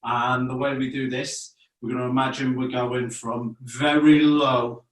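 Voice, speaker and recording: An English man leads families through silly warm-ups, playful and encouraging, giving step-by-step instructions. He sits away from the mic in an echoey room, heard over a video call. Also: medium pitch, level tone, measured pace, far from the mic. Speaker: children's theater performer leading a warm-up. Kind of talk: guiding an interactive family webinar.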